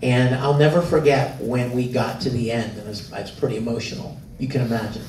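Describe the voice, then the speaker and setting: A middle-aged man telling lively stories at a convention panel, laughing often and acting out quotes in high voices. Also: a little fast. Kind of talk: storytelling to a live audience. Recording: echoey hall from far off, faint noise.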